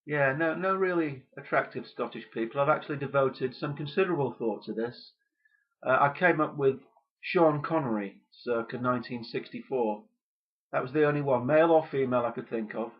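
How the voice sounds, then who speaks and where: A man delivering a deadpan comic rant in a gloomy, hesitant way. His voice sits at an ordinary pitch. The recording sounds dull and lo-fi. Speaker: comedy podcast host.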